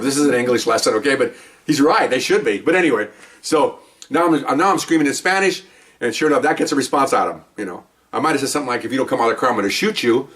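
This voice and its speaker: A man's voice: mid-range voice, fairly bright tone, far from the mic. A man who is a police officer telling stories from the job in a casual monologue, emphatic and often tagging his points with "okay?". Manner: emphatic, keeps adding "okay?".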